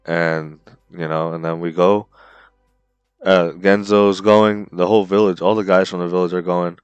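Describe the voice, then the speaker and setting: A man with a very low, smooth voice recaps a story for his podcast co-host. He tells it with excitement and slang, dropping bro and dude often. The sound is close and dry, with no room around it. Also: normal speed, dry recording, dull audio, faint music behind. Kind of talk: casual chat.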